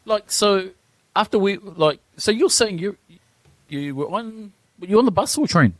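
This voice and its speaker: A man's voice: high voice, animated, unhurried, a bit bright, no room sound. A man co-hosting a casual sports chat podcast, hyped and teasing, often saying "talk to me". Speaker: podcast co-host.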